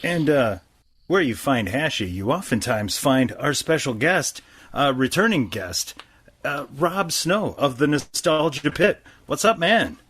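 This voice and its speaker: A man's voice: a little high, lively intonation, measured pace, a bit bright, husky. Laid-back rambling podcast host, a man. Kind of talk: casual chat.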